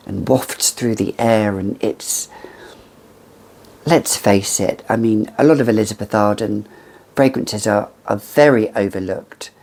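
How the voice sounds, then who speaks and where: A woman's voice: a bass voice, creaky, a little mellow, husky. A woman in her fifties reviewing fragrances in a chatty, theatrical way with gushing asides. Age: 50s. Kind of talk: casual chat to camera.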